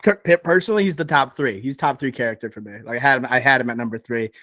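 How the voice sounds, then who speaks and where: A man's voice: mid-range voice, fast, sharp tone, no room sound. A man leading a casual movie podcast, eager and heartfelt as he talks. His voice sits in a middle register, and the recording is dry and close with almost no room sound. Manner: enthusiastic, emotional, rambling. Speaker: podcast host.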